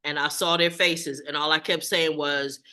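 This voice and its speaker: A woman who facilitates a support group, telling her own story in a frank, animated, self-mocking way. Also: low voice, normal speed. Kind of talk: candid group share.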